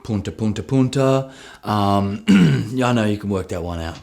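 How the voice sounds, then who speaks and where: Animated Australian man rapping and storytelling. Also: lowish voice, moderate pace, creaky. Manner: animated storyteller who jumps into loud excited re-enactments. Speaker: rapper explaining his lyrics. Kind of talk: casual behind-the-scenes talk with rapped lines.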